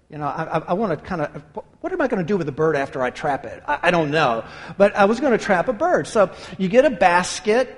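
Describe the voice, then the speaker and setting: A male pastor preaching a sermon, emphatic and conversational, dropping to hushed near-whispers for emphasis. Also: high-pitched. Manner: anecdotal, conversational asides. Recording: long hall reverb.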